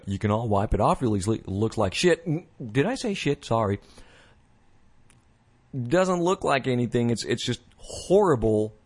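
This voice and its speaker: Rambling man hosting a show. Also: lowish voice. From United States. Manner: rambling, many restarts and fillers, mock voices. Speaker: podcast host. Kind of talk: casual monologue.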